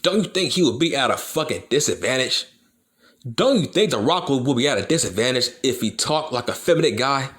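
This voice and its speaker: A man's voice: mid-range voice, very animated, a little fast, fairly bright tone. A man ranting about wrestling to his viewers in a heated, profane way, repeating his points for emphasis. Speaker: wrestling YouTuber. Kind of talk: profane opinion rant to camera.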